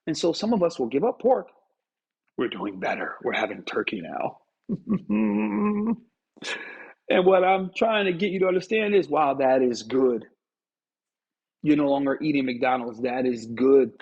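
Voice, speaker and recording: A man's voice: fairly high pitch, expressive, unhurried, vocal fry, long pauses, darkish tone, slightly rough. A man giving a motivational talk straight to the viewer, preachy and playful, teasing his listeners as he makes his point. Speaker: motivational speaker. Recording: dull lo-fi recording.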